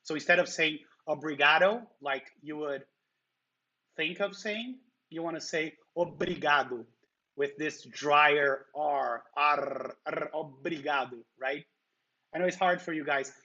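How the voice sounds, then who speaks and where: A man's voice: fairly high pitch, a little slow, sharp tone, muffled recording. A man from Brazil with a heavy Brazilian Portuguese accent, hosting a livestream and chatting casually, answering viewers' comments. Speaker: livestream host.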